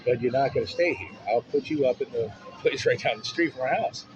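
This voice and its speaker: Male vlogger, mid pitch, rambling and profane storyteller, muffled recording over music. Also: brisk, a little mellow. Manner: rambling and profane, with frequent restarts. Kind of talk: casual personal storytelling. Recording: dull audio with music underneath.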